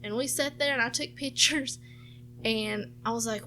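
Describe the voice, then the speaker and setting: Żywiołowa kobieta z południowym akcentem USA. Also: female voice, fairly high pitch, moderate pace, a little hiss or hum. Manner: animated, swears freely, acts out family members' lines. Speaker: podcast co-host. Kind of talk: casual storytelling chat.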